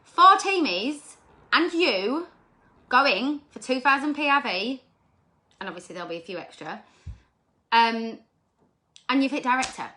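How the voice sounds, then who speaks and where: Bright, emphatic woman coaching her team. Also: fairly high pitch, normal speed, pauses often. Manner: energetic, emphatic, repeats points with frequent "okay?" and "like". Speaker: sales team leader. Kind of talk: motivational team talk.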